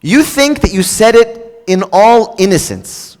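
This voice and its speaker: The recording, drenched in a large hall's long reverb, captures a preacher whose high-pitched voice has a darkish tone and animated delivery, paced a little slowly. He jokes conversationally with the congregation, restarting and dropping in casual fillers.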